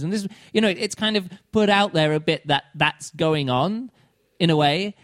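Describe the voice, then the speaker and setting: A man's voice: sits high, animated, a little fast, fairly bright tone. A man talking casually as a podcast co-host. He rambles with lots of fillers and restarts, and keeps slipping into mocking quoted voices. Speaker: podcast co-host reviewing a book. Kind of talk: casual chat.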